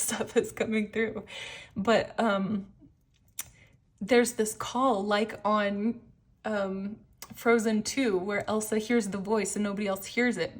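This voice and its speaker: Excitable woman doing a tarot reading. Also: medium pitch. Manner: animated, excitable, laughs often. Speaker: tarot card reader. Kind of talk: casual pick-a-card reading.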